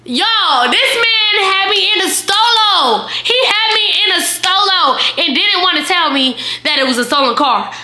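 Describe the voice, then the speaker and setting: Young woman vlogging a crazy storytime, bright sharp voice, roomy echo. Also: very high-pitched, moderate pace, hardly any pauses. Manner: animated, dramatic storytelling with quoted voices. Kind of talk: storytime vlog.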